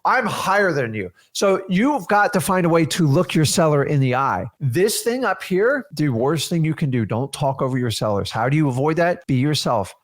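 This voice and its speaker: A man's voice: fairly high pitch, lively intonation, moderate pace, hardly any pauses. A man hosting a motivational coaching talk on real estate, earnest and speaking straight to listeners. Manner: earnest, preachy, addresses listeners directly. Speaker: host teaching real estate wholesaling.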